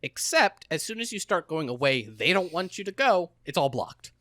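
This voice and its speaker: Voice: mid-range voice, sing-song, moderate pace, fairly bright tone, no room sound, clean studio sound. A podcast co-host recapping a game in casual chat, sarcastic and wry.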